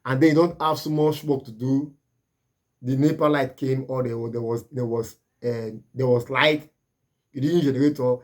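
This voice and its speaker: A man's voice: medium pitch, fairly even intonation, moderate pace. A man with a Nigerian accent, a laundry business owner giving earnest, repetitive advice to camera.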